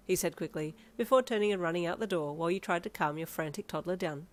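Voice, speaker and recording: A woman narrating a second-person fan fiction story in a soft, even storytelling manner. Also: on the low side, fast talker.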